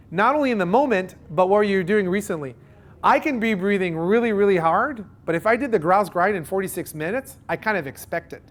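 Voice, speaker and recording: Canadian male seminar presenter, slightly high voice, animated, fond of analogies. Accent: Canadian English. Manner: animated, uses everyday analogies and acted-out dialogue. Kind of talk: live boat show seminar talk. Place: boat show seminar room.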